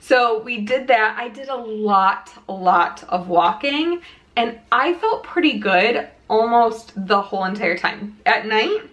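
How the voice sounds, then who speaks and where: A woman's voice: a little high, animated, measured pace, a bit bright. A young woman vlogging casually from home about her pregnancy, chatty and rambling with many restarts, a little out of breath. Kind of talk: casual pregnancy update vlog. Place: home room lit by a ring light.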